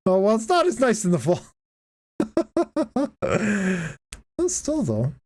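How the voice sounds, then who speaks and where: A woman's voice: mid-range voice, huge pitch swings, takes it slowly, a little mellow. A woman streaming a game, giving casual, profane, joking commentary and laughing often.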